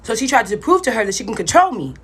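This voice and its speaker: Husky young woman, lively storytime voice. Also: a little high, fast. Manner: blunt and profane, talks straight to viewers. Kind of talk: casual storytime vlog.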